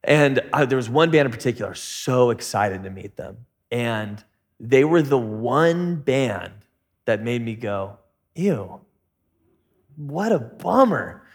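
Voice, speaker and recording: A man preaching a casual sermon, telling stories in a relaxed, joking, slangy way. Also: mid-range voice, a little slow. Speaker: pastor.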